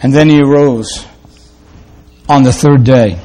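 A man's voice: mid-range voice, a little slow, long pauses, mellow. A man preaching a sermon as a pastor, earnest, often repeating himself and restarting phrases before closing in prayer.

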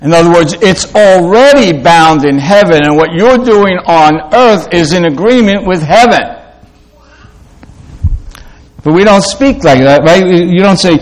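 A man preaching a sermon in a halting way, with many fillers and restarts, slowing down to read scripture aloud. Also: fairly high pitch, low-quality recording.

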